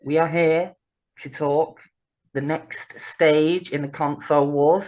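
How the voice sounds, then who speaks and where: A woman's voice: low voice, steady tone, slow, darkish tone. A woman, co-hosting a podcast in casual chat, laughing often, swearing freely and bantering. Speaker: podcast co-host.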